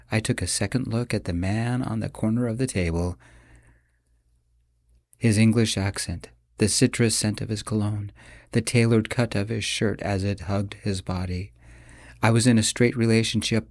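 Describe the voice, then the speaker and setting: A man narrating a romance audiobook in the first person, with steady, measured storytelling. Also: lowish voice, vocal fry, dry recording, studio quality.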